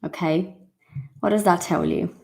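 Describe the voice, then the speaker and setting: A woman's voice: on the low side, wildly swooping pitch, a little slow, vocal fry, darkish tone. A woman teaching an English lesson to her viewers in a casual, emphatic way, repeating key points and addressing them directly.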